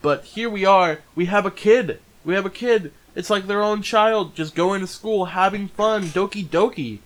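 Figure: a man doing a lovestruck young man. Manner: excited, gushing. Pitch: higher than usual, louder. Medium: retold anime scene. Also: normal speed, close to an everyday voice. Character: doting young man gushing over his love.

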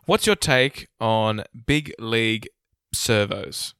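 Blunt, bright-voiced Australian man. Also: fairly low pitch, expressive, slow pace, clear, resonant tone, dry recording, soft background music. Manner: blunt, jokey, swears freely. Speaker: podcast co-host. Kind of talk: casual chat.

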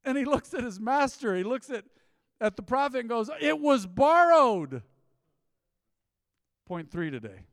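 A middle-aged man preaches a sermon in a church sanctuary, his voice smooth and resonant and pitched a little high. He drives his points with emphatic, rising bursts and quick acted asides. The mic is close and dry, but a long hall reverb trails behind him. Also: very animated. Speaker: pastor.

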